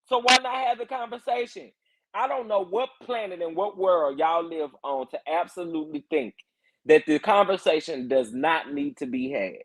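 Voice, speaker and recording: A man hosting a casual morning chat, reacting to viewer comments and getting emphatic and loud when worked up. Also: on the high side, moderate pace. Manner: animated, emphatic, rising to loud protest when fired up. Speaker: reality TV commentary host.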